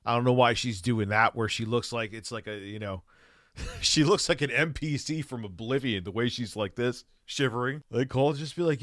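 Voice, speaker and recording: A man's voice: mid-range voice, normal speed, fairly bright tone, dry recording, studio quality. A man streaming, reacting to clips in blunt, rambling, profane casual commentary.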